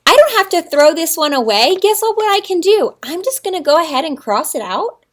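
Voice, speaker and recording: A woman teacher gives young children a recorded writing lesson in an exaggerated, encouraging sing-song manner. Her voice is very high-pitched and brisk.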